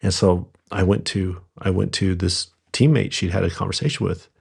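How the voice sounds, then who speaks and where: Low gravelly man telling a story. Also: steady tone, a little mellow. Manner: halting, many fillers and restarts, acts out quoted dialogue. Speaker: podcast guest, rental company founder. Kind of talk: conversational storytelling interview.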